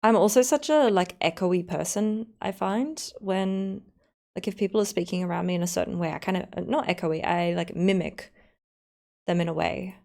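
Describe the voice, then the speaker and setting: Brief: young Australian woman, live-stream chatter, low-ish gravelly tone. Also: darkish tone. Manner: chatty, self-reflective, quick asides. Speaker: streamer editing her own video. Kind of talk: casual live-stream chat.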